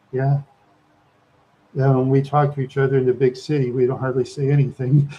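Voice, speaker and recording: A man's voice: mid-range voice, fairly even intonation, measured pace, long pauses, warm tone, a little hiss or hum, rough recording. A man from Minnesota hosting a live stream, rambling through stories, repeating words and chuckling often.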